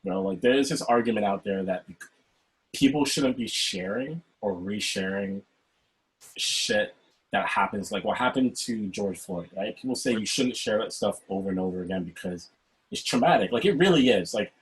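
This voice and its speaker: A man hosting a casual talk over a video call, speaking in an animated way and often checking in with "right?". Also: lowish voice, normal speed, rough recording. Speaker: host. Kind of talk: casual chat.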